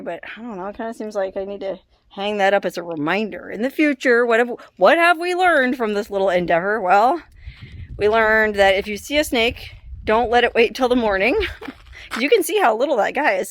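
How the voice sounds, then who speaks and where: A woman's voice: mid-range voice, gravelly. Young woman vlogging, upset and sorry, laughs nervously now and then. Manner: distressed, apologetic, with nervous laughs. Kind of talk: casual vlog talk to camera. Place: hot house and shaded yard.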